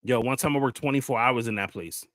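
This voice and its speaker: A man's voice: medium pitch, quick pace, fairly bright tone, no echo, clean studio sound. A man, hosting a casual talk show and telling loose, slangy stories full of acted-out quotes. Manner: loose storytelling with crude slang, acts out quotes. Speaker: podcast host. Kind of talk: casual chat.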